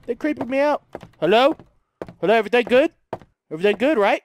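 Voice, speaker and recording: A man's voice: very high-pitched, expressive, quick pace, a little hiss or hum. A man commentating a horror game, panicky and joking, yelping and screaming when scared. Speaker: let's play gamer.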